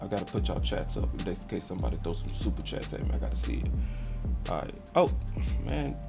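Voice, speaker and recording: A man's voice: deep voice, sing-song, a little fast, creaky, loud music behind the voice. A man hosting a casual sports fan livestream, talking in slang and often getting heated and ranting. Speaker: sports channel host.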